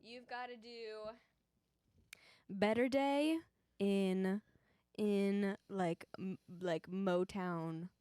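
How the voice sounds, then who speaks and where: A young woman chatting and joking on a live stream, playful and quick to laugh. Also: medium pitch, fairly even intonation, dark tone, smooth, no echo, studio quality. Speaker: streamer and musician. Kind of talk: casual live-stream chat. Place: home streaming setup.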